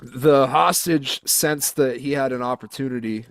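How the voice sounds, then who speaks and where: A man's voice: mid-range voice, measured pace, no echo. A young man co-hosting a sports talk show, reading odd news stories aloud and riffing on them with jokes and swearing. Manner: profane, joking storyteller reading headlines aloud. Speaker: podcast co-host. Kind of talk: casual chat.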